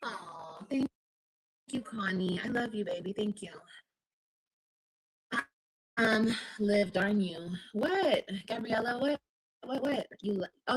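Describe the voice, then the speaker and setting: A woman's voice: mid-range voice, lively intonation, slow pace, pauses often, a bit bright, breathy edge, rough recording. A woman vlogging casually from home, chatting to viewers and answering comments. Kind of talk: casual chat.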